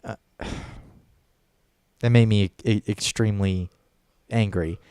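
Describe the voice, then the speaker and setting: This man has a lowish, smooth voice, recorded close and dry. He rambles through a story in casual chat, swears freely and restarts his sentences often. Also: fairly even intonation, slow pace, a little mellow, no room sound. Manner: rambling, profane, many fillers and restarts. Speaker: podcast co-host.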